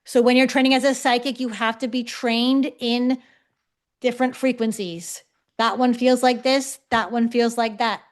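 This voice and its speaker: A woman's voice: on the high side, fairly even intonation, moderate pace. A woman teaching a live online class over a video call, talking conversationally and checking in often with her listeners. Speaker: psychic development teacher.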